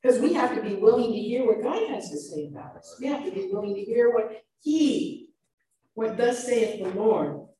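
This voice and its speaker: A woman preaching a sermon, animated, shifting between loud and soft emphasis. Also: fairly high pitch, moderate pace. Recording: echoey room, mic far off.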